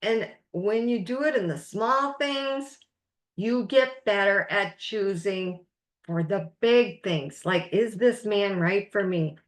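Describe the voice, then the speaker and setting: A woman life coach leads a recorded masterclass at an unhurried pace. Her pitch sits mid-range for a woman. She encourages her listeners and leans on the words she wants to stress. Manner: slow, encouraging, emphatic teaching with quotes.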